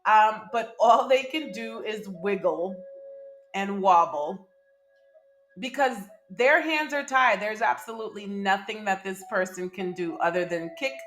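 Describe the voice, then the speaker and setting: A woman's voice: medium pitch, a little slow, a bit bright, soft background music. A woman doing a casual tarot reading to camera, chatty and emphatic, often laughing. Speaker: tarot reader.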